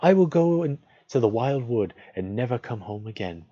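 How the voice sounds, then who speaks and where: A man voicing a frightened young girl who begs for her life in a lifted, gentle voice, read as a storybook. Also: medium pitch, animated, moderate pace, no echo, lo-fi sound, pitched above the performer's own voice, close to an everyday voice. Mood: pleading.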